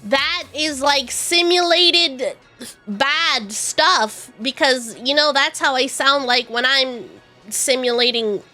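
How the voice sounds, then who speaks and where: Young woman vtuber rambling and giggling on stream, high bright voice, faint music under it. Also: slow pace. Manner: rambling, self-deprecating, giggly. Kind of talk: casual stream chat.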